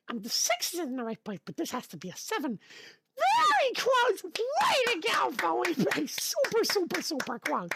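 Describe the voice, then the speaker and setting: A man voicing a bubbly star-cat mascot, hosting a livestream guessing game with a squealing, drawn-out, bouncy delivery. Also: very high-pitched, sharp tone, no echo, voice pushed up, full character voice. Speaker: streamer.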